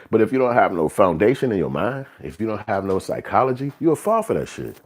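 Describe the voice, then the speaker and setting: A man's voice: lowish voice, very animated, fast talker, hardly any pauses, a little mellow. A man hosting a live stream, talking in a loose, profane, streetwise monologue. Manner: profane, streetwise, slips into acted quotes. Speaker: livestream show host. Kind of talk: casual rambling monologue.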